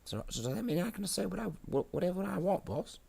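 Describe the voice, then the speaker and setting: Squeaky nervous little grot. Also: male voice, sing-song, fast talker, gravelly, mellow, husky, full character voice. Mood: meek. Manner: nervous, agreeable, stammering. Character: timid little male grot servant. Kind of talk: improvised comedy skit while painting.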